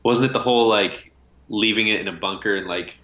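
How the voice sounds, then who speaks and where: Lower-voiced male co-host, sharp bright tone, joking, dull lo-fi recording. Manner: animated, joking, halting restarts. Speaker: podcast co-host. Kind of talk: casual chat. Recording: dull lo-fi audio.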